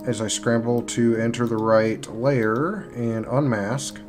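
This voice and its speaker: A man runs a tabletop game at an unhurried, halting pace, stopping mid-sentence to sort out his tools. His voice sits at an ordinary middle pitch, and soft guitar music plays faintly behind him. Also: fairly even intonation. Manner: halting, pauses while working the game tools. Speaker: game master. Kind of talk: narrating a live-streamed tabletop game.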